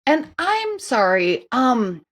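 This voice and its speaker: Her voice is high. She's a middle-aged woman guesting on a podcast, chatting casually as she shares her story, with lively asides and brief impressions of other people's voices.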